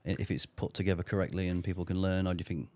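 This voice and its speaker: Male podcast host, lowish voice, quick and probing, dry close mic. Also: fairly even intonation, dark tone, dry recording. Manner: probing questions. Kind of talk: interviewing.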